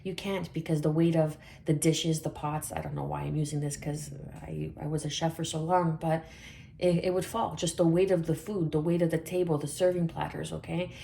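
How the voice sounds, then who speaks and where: A woman's voice: low-pitched, fairly even intonation, normal speed, creaky, warm tone, a little hiss or hum. A woman giving a casual tarot reading to her viewers, chatty and reassuring, often correcting herself with fillers and little laughs. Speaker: tarot reader.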